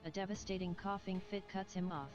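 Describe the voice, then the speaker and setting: A woman giving solemn, measured scripted narration in a game, heard through slightly muffled game audio with faint music behind. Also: mid-range voice, steady tone.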